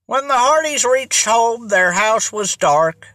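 Storybook narrator, bright tone, dry close sound, unhurried. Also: mid-range voice, lively intonation, dry recording. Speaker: audiobook narrator. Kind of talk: scripted narration.

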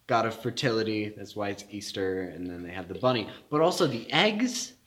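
A man's voice: lowish voice, expressive, a little fast, fairly bright tone. A young man in casual chat who tells stories and cracks dry jokes.

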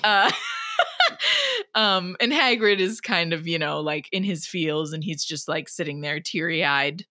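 A podcast co-host recaps a book chapter in casual, animated chat. Her voice sits on the low side with a sharp tone, and while she's very animated, her pace is slow.

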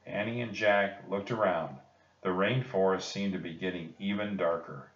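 A deep-voiced man reads a children's chapter book aloud, calm and measured at an unhurried pace. The recording sounds distant and echoey. It has a dull, muffled tone. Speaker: narrator. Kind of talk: children's storybook read-aloud.

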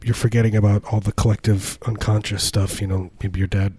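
A man co-hosting a comedy podcast, riffing on absurd jokes in an offhand, deadpan way. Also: on the low side, brisk, breathy edge. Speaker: podcast co-host. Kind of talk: casual comedic banter.

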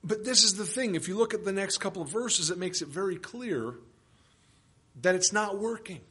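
A man's voice: sits high, animated, normal speed, pushed and bright. A man preaching an expository sermon as pastor, emphatic and full of rhetorical questions.

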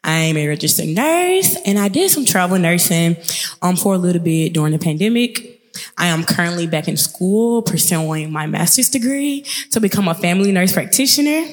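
A woman in her twenties with a thick Mississippi Southern accent, hosting a podcast in a chatty, upbeat monologue that speeds up when she gets excited. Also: on the low side, normal speed. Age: 20s. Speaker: podcast host. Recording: long reverb.

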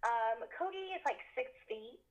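High-pitched woman chatting through a ghost story, lots of ums and laughs. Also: measured pace, highs cut off. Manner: animated, laughs often, lots of fillers. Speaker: guest telling a ghost story. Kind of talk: casual storytelling.

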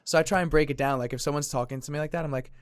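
A young man trading quick, joking remarks on a podcast, saying "like" over and over. He talks fast, and his voice sits close and dry with no room echo. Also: on the high side, steady tone. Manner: fast, joking, says "like" a lot. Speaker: podcast co-host. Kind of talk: casual podcast chat.

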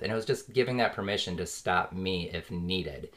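A man's voice: deep voice, quick pace, hardly any pauses, a bit bright. A man, likely in his thirties, talking casually and earnestly as a podcast host, full of "like" fillers and small chuckles. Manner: rambling, frequent "like" fillers, earnest; chuckles now and then while talking. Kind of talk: casual reflective monologue.

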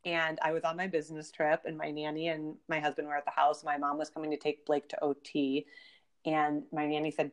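Woman, 30s, very low voice, upbeat, chatty, casual conversation guest. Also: monotone, brisk. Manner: upbeat, chatty, full of "you know".

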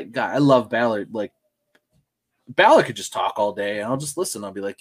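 A man co-hosting a podcast, talking in a rambling, excitable way with lots of fillers and restarts. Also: lowish voice, normal speed, husky. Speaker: podcast co-host. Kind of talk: casual chat.

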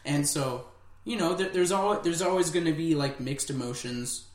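A man co-hosting a podcast in a casual chat, relaxed and hesitant, with many fillers. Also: on the high side, moderate pace. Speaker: podcast co-host. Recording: echoey room.

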